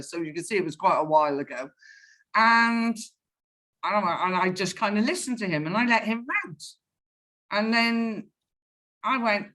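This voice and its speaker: Woman guest in a casual interview, lively anecdotes, acts out both sides of calls. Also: medium pitch, moderate pace. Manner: animated storyteller, acts out phone calls. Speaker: guest, sales professional.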